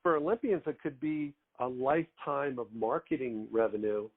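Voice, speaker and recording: A man's voice: medium pitch, normal speed. A middle-aged man hosting a podcast, asking long, winding questions built from lists of examples. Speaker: podcast host, sports agent. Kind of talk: interview questions. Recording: tinny phone-like line.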